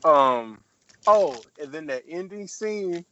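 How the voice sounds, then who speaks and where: A man rambling through a film recap in loose, profane casual chat and slipping into voices for the characters. His voice sits a bit high and comes through a dull, lo-fi recording. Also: lively intonation, takes it slowly, a bit bright.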